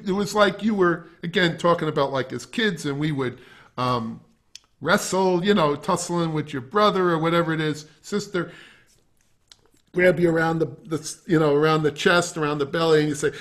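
A middle-aged man with a slightly high voice leads a masterclass on breathing. He speaks in a loose, conversational way to the class, stopping to have them try each exercise. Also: a bit bright. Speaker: wind instrument teacher. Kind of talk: masterclass lecture.

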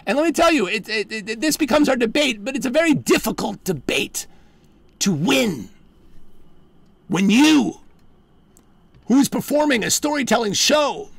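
A man performing a live one-man storytelling show, halting and full of restarts, often dropping into hushed murmurs. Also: very high-pitched, very animated, vocal fry, slightly rough, no room sound.

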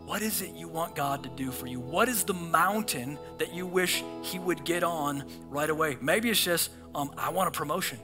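Guy preaching in a church, high bright voice, acts out voices, some music under it. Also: moderate pace, hardly any pauses. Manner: animated, acts out voices in scripture and prayers. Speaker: pastor. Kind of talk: sermon. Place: church auditorium.

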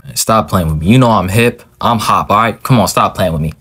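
A man voicing a boastful middle-aged father in prison, talking in old-school slang in an amateur animated role-play. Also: fairly low pitch, brisk, slightly rough.

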